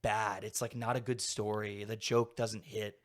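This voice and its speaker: A young adult man with a lowish, fairly flat voice talks at a measured pace. As a podcast guest in casual conversation, he rambles and fills his sentences with "like."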